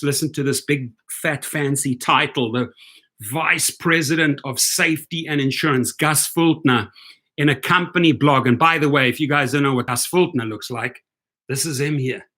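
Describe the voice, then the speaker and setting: A male rideshare commentary host rants on a live stream. He sounds sarcastic and heated. His mid-pitched voice has a bright, forceful edge.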